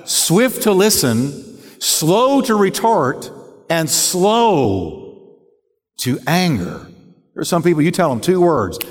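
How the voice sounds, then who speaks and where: A man preaching a sermon as pastor, emphatic and dramatic, acting out examples as he goes. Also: high-pitched. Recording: long reverb of a large hall.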